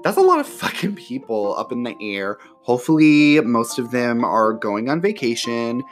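A man's voice: mid-range voice, very animated, normal speed, faint music behind. Chatty, profane man hosting a podcast. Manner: chatty, profane, many fillers. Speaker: podcast host. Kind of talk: casual solo chat. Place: home near an airport.

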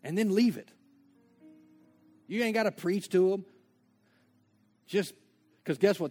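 A man's voice: high-pitched, moderate pace, pauses often, a little mellow, faint music behind. A man preaching a sermon as pastor, conversational, with joking asides and acted-out dialogue.

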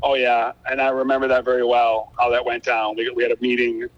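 A man's voice: mid-range voice, brisk. A man, a guest musician, telling stories energetically in a casual interview and acting out the dialogue. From Buffalo, New York. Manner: energetic, acts out quoted dialogue. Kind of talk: animated storytelling in casual conversation. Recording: dull lo-fi sound.

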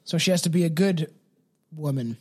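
A man's voice: fairly high pitch, normal speed, a little mellow, slightly rough. A man co-hosting a casual chat show, reading folklore aloud, laid-back and swearing freely. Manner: laid-back, swears often, laughs a lot. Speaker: podcast co-host reading folklore.

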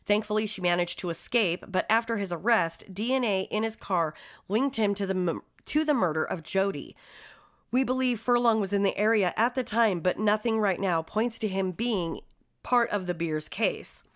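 A woman's voice: medium pitch, moderate pace. Casual true-crime podcaster woman, swearing. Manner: reads case details then swears and riffs. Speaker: podcast co-host.

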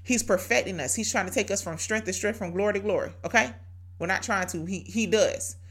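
A woman's voice: medium pitch, brisk, a bit bright. A woman hosting a devotional podcast, exhorting listeners in a conversational, preachy way, with rhetorical questions and repeated key phrases. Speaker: podcast host.

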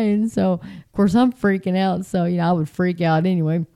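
A middle-aged woman talking casually to her viewers, chatty and animated, jumping into high mocking voices. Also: normal speed, clear, resonant tone. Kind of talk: casual spoken monologue.

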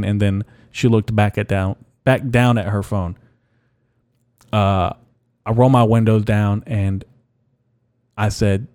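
On a casual solo podcast, a young man rants bluntly, loaded with swearing and frequent repetition. His voice is on the low side with a darkish tone, captured in a dry, studio-quality recording.

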